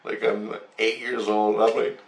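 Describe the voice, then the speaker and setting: A man telling a rambling story of a vision, excitable, swearing and acting out voices. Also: on the low side, a little slow. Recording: roomy, distant from mic.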